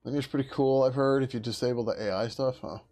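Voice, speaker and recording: A man hosting a casual livestream as a software developer, talking in a laid-back, rambling way, swearing freely and laughing often. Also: mid-range voice, fairly even intonation, fast talker, soft background music.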